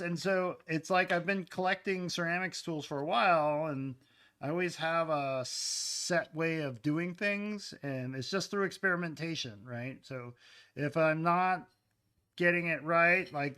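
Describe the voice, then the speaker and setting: During a live-streamed pottery demo, a ceramics artist makes clay cups in his studio, chatting casually and often slipping into murmurs. He has a mid-range voice with a fairly bright tone.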